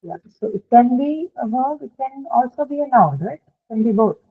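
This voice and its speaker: A woman's voice: a little high, lively intonation, normal speed, slightly rough. A woman teaching an English pronunciation lesson online, explaining patiently and often checking that her students follow. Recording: phone-like online call audio.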